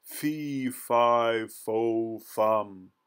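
A man's voice: on the low side, level tone, slow pace. Man doing a bellowing storybook giant. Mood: menacing. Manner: growling, bellowing. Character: huge angry man-eating male giant.

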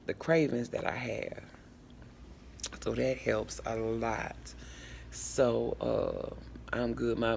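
A woman's voice: a bass voice, vocal fry, a little mellow, a little hiss or hum. A woman in her fifties casually chatting to her followers with folksy asides, while waiting for her ride after physical therapy. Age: 50s. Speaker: vlogger. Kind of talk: casual chit-chat to camera.

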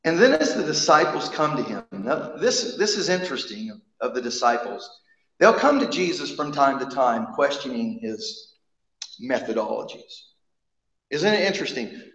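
A man's voice: mid-range voice, big pitch swings, normal speed, a bit bright. A man preaching a sermon, emphatic, often repeating and restarting his words. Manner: emphatic, frequent repetitions and restarts. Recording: echoey hall, dull sound.

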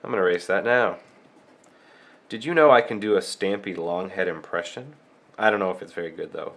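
A man's voice: low voice, brisk, a bit bright, slight background noise. A man with a cold who hosts a drawing tutorial, talking through each stroke step by step and thinking aloud as he draws. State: has a cold.

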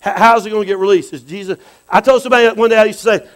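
Male bishop, very high voice, animated preaching with repeated amens. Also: fast talker, rough recording. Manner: animated, repetitive, calls for amens. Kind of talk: sermon.

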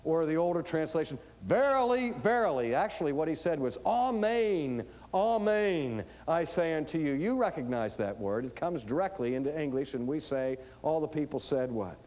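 A man delivering a teaching sermon, emphatic and dramatic, swinging between hushed lines and booming ones. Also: brisk, few pauses. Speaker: preacher.

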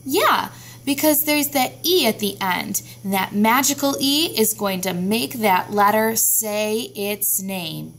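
A woman leads young children through a phonics lesson, pronouncing every letter slowly and distinctly. Her voice is mid-range and slightly bright, with a little hiss or hum in the recording.

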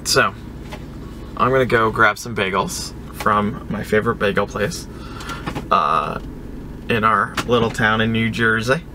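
A man's voice: on the low side, a little slow, pauses often, background noise. A man vlogging from inside a car, talking casually in a dry, self-mocking, offhand way. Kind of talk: casual vlog talk. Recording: music playing behind the voice. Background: music playing in the car.

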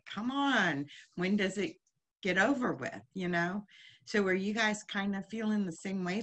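A woman with a lowish, slightly bright voice gives a heartfelt, conversational spiritual teaching at a chapel service. She keeps asking the congregation questions.

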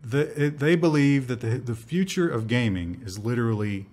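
A man's voice: medium pitch, animated, moderate pace, darkish tone. A man co-hosting a tech news show in a casual, joking chat with sarcastic asides.

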